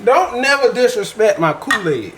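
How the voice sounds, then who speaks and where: A man's voice: high voice, big pitch swings, normal speed. A man making a casual, playful how-to vlog in his home kitchen, joking as he goes. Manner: playful, joking, laid-back. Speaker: vlogger. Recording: echoey room with faint background noise.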